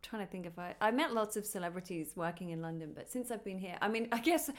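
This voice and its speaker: A woman's voice: medium pitch, fast talker. A middle-aged woman hosting a podcast, chatting casually with a guest and laughing easily. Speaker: podcast host. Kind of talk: casual chat.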